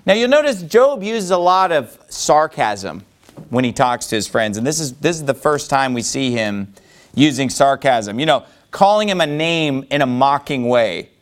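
A man teaching a Bible lesson to a class, animated and conversational, with many fillers. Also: medium pitch, normal speed.

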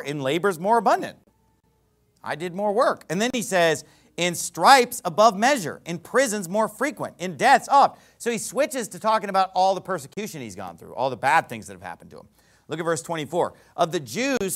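A pastor with a fairly high voice preaches a verse-by-verse sermon, reading scripture in a rising, emphatic cadence and moving between loud emphasis and quiet asides.

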